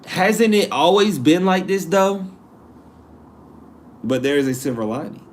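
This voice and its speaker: A man hosting a live stream in casual chat, reading viewer comments aloud and answering in an animated, slangy way that repeats itself. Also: sits high, a little slow. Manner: animated, repeats himself, slangy asides and laughs.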